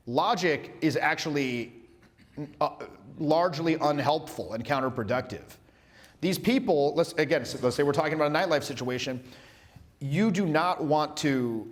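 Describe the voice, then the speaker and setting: Animated man teaching in a reverberant room. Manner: animated, acts out quotes in silly high voices. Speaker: social skills coach. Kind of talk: casual teaching talk.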